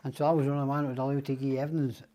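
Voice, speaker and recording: Racing through his tales with a flat delivery, this older Scottish podcast guest has a mid-range, warm voice. He curses liberally and imitates the people in his stories as he chats casually.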